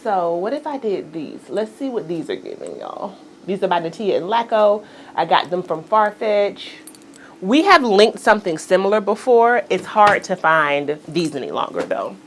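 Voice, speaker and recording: This fashion vlogger has a mid-range voice and talks at a normal speed, with slight hiss or hum behind her. Trying on outfits, she keeps things chatty and playful, calling out "girl" and "y'all" to her audience.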